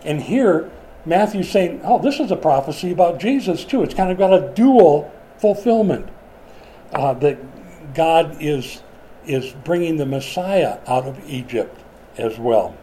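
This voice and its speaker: A man's voice: on the high side, lively intonation, a little slow, dark tone, a little hiss or hum, low-quality recording. A middle-aged man preaching a sermon in a conversational way, asking the congregation questions as he goes. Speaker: pastor.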